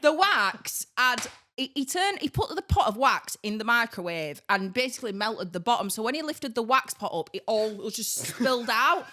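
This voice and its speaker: A woman, co-hosting a podcast and telling a story in a casual, animated way, laughing through her words. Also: fairly high pitch, moderate pace, few pauses. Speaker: podcast co-host.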